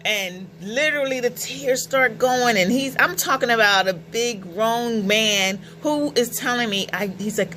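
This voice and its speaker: A middle-aged woman telling personal stories in a casual, animated vlog, often laughing as she goes. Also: a little high, measured pace, hardly any pauses, slight background noise, low-quality recording. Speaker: vlogger.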